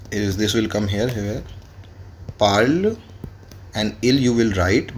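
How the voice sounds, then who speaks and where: A man's voice: medium pitch, a little hiss or hum. A man, teaching French grammar in a classroom lesson and spelling words out letter by letter. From India.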